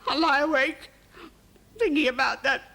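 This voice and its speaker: An actress playing a strict middle-aged cook in a great house, speaking in a husky, halting voice. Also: female voice, sits high, steady tone, bright, forceful tone, exaggerated voice. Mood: grieving. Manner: defensive then grieving, broken speech. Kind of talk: period television drama.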